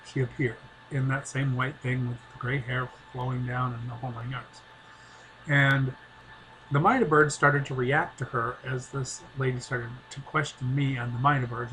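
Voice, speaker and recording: Brief: middle-aged man, rambling storyteller, average pitch, soft and hesitant. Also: a little hiss or hum, low-quality recording. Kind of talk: casual personal storytelling.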